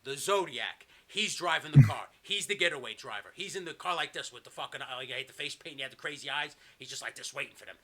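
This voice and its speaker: A man's voice: expressive, quick pace, hardly any pauses. A man hosting a podcast, rambling through a profane, made-up wrestling story in casual chat. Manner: rambling, profane storytelling, pitching a wild scenario. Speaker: podcast host.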